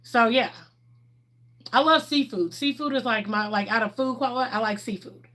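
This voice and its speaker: A woman's voice: a little high, moderate pace, fairly bright tone. A middle-aged woman, chatting candidly on a livestream and answering viewers' questions, laughing often. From Texas, USA. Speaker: livestream host.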